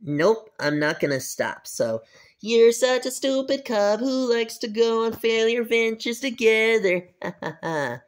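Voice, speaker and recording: A woman's voice: a little high, animated, measured pace. A woman voicing a mean little boy bully in kindergarten, sneering and defiant, in a fan-made cartoon. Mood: taunting.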